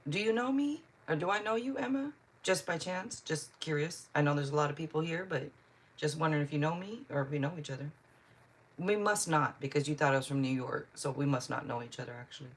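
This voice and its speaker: A woman's voice: sits low, lively intonation, a little fast. A woman from Seattle, a tarot reader on a live stream, chatting casually and answering viewers' comments one by one. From Seattle, Washington. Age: adult.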